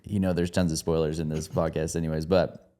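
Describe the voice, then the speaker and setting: A man's voice: extremely low pitch, little pitch movement, brisk, warm tone. A man co-hosting a movie review podcast, chatting casually, rambling with plenty of fillers and laughing often.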